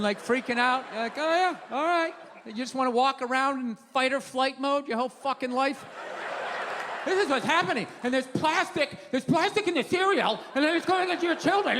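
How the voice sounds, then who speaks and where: A middle-aged comedian rants on stage, swearing and exasperated, with sudden shouted bursts. His voice sits high and bright. It carries a long reverb from a big theater, with a light hiss underneath. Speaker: stand-up comedian. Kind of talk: stand-up comedy rant.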